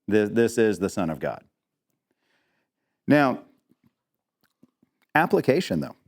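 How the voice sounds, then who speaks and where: A man's voice: lowish voice, very animated, slow, creaky. A man teaching an interactive Bible lesson, quizzing the class with questions and dropping in joking asides.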